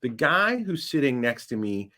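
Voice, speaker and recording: A man telling a long anecdote as a podcast guest, animated and building to loud punchlines. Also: medium pitch, moderate pace, slight background noise. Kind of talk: casual storytelling.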